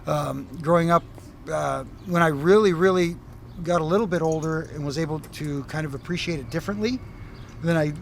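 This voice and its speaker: A middle-aged Canadian man, a former referee, telling animated stories in a casual interview, with many fillers and restarts. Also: fairly high pitch, a little fast, vocal fry, a little hiss or hum. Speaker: former wrestling referee, guest.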